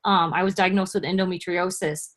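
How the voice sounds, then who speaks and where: A woman's voice: on the low side, steady tone, fairly quick. A woman in her forties telling her personal story on a video call, in an earnest, conversational way. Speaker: guest speaker.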